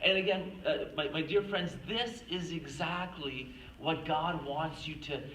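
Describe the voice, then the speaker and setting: Bright-voiced woman preaching in echoey hall. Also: low voice, a little slow, far from the mic, slight background noise. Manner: earnest, storytelling, acts out quoted speech. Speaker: retreat speaker. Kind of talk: faith talk to a retreat audience.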